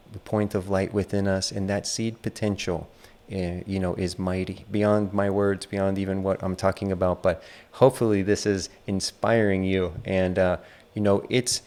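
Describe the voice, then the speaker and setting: In a casual spoken lecture on the internal arts, a low-pitched man tells a story in a relaxed, rambling way, filling it with lots of fillers.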